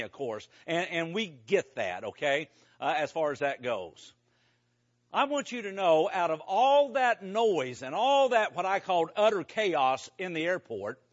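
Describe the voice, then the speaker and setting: High-voiced preacher telling a mission story. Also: male voice, lo-fi sound. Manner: conversational, animated storytelling with asides to the audience. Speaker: preacher giving a mission report. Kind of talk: storytelling sermon to a congregation.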